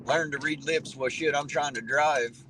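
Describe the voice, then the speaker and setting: A man's voice: a little high, fairly even intonation, moderate pace, fairly bright tone, rough recording. A man chatting casually on a livestream from inside his car while driving, rambling in a folksy way and reading out viewer comments. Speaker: livestream host reading chat. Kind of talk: casual chat. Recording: car road noise behind the voice.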